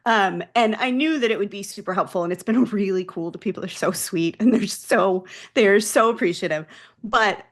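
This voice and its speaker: A woman's voice: medium pitch, normal speed. Woman, podcast guest, mental health professional, casual interview, earnest explaining.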